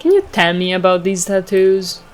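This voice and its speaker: A woman's voice: on the low side, expressive, moderate pace, natural voice. Woman reading a blunt male detective. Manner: short, direct questions.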